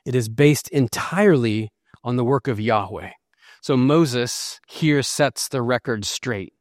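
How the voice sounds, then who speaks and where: A man's voice: medium pitch, a little slow, dry recording, studio quality. A man preaching an expository sermon, earnest and emphatic as he explains and reads scripture. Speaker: pastor.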